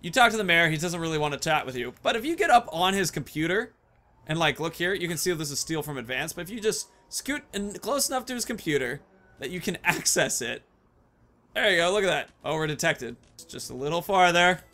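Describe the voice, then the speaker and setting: A man's voice: fairly high pitch, lively intonation, brisk, bright, forceful tone. A man casually commenting over gameplay, chatty and jokey. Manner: chatty, jokey, laughs often.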